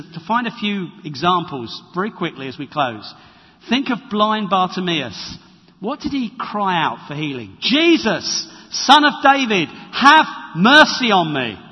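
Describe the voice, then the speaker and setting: A man preaching a sermon in a conversational, animated way and acting out the quotes he tells. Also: high voice, slightly rough. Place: church hall. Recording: reverberant, dull lo-fi church recording.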